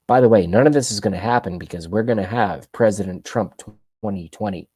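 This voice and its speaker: Low, dark-voiced ranting man in his thirties. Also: fairly quick, hardly any pauses, breathy edge, no echo. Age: 30s. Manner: sarcastic, rambling, talks to the chat. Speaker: political livestream host. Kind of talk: ranting opinion commentary.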